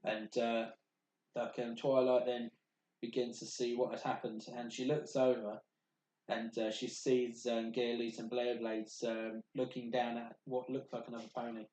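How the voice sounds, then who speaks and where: A man's voice: mid-range voice, level tone, warm tone. Guy running a tabletop game, lots of ums, echoey room. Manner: halting, many ums and restarts. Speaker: game master.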